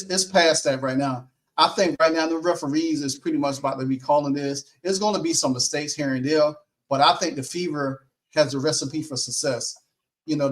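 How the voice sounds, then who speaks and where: Animated man on a sports stream. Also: on the high side. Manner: animated, laughs easily, acts out quotes. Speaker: sports talk co-host. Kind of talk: casual post-game sports talk.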